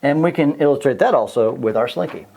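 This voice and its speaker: A middle-aged man teaching a science lesson on video, jokey and animated, sometimes stretching his voice high or low for effect. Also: fairly quick, gravelly.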